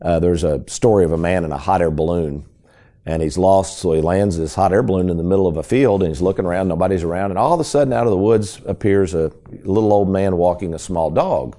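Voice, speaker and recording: A low, dark male voice carries this talk radio segment. He speaks with emphatic, folksy energy, turning often to the listeners at home. His tone stays mellow even when he presses a point. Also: fast talker. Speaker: financial radio show host.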